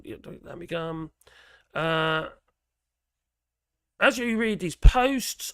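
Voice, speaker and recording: Norfolk-accented man, live streamer, high-pitched, dry close sound, blunt rambling talk. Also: no echo. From England. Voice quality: slightly strained, mucus-prone throat. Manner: rambling, blunt, chatty with frequent restarts and slang. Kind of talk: casual live-stream commentary.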